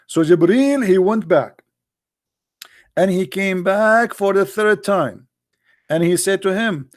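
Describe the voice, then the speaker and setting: High-voiced mocking male commentator. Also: a little slow. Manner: mocking, emphatic, rhetorical questions; non-native English grammar. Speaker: religious commentator. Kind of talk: argumentative monologue.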